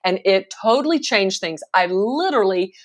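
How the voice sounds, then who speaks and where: A woman's voice: mid-range voice, animated, normal speed. A woman in her forties, a professional speaker, talking animatedly and emphatically as a guest in a casual interview, often laughing.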